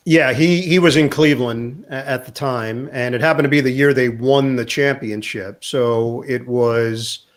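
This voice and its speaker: A man, a sports broadcaster, telling an animated anecdote in a casual interview and quoting people along the way. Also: mid-range voice, measured pace, hardly any pauses. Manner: animated anecdote teller, quotes others in voices.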